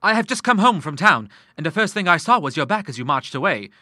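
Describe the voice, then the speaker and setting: A man's voice: fairly high pitch, big pitch swings, quick pace, pushed and bright, dry recording, clean studio sound, exaggerated voice. A man reading an audiobook, voicing a young man who speaks hesitantly and apologetically to his father.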